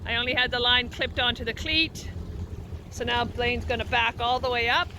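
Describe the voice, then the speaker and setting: A woman's voice: on the high side, fairly even intonation, normal speed, bright, forceful tone, a little hiss or hum. A woman hosting a vlog, chatting to camera as she films outdoors on a boat at a dock. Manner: chatty, narrating while filming. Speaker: vlog host. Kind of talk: casual vlog narration to camera.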